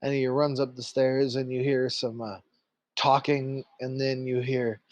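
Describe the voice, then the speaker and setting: A man's voice: mid-range voice, flat delivery, a little slow, no room sound, muffled recording. A man narrating as game master of a tabletop game, loose and full of fillers. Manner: loose, filler-heavy, laughing easily.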